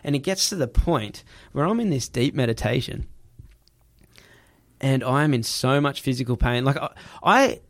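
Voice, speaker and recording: A man telling a personal story in casual chat, animated, laughing and swearing freely. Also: medium pitch, normal speed.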